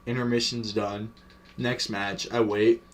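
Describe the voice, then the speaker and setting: A man's voice: fairly low pitch, level tone, measured pace, distant mic. A young man telling a story from his own life in a casual vlog, swearing a lot, rambling with many fillers and chuckling as he goes. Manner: profane and rambling, heavy on fillers. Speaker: vlogger.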